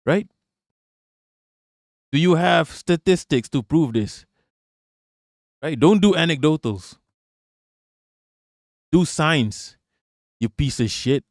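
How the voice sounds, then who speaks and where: A man's voice: on the high side, dry recording, clean studio sound. A man hosting a livestream, ranting about politics in a profane, mocking way, repeating himself and laughing often. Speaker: livestream host. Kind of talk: casual political rant on a livestream.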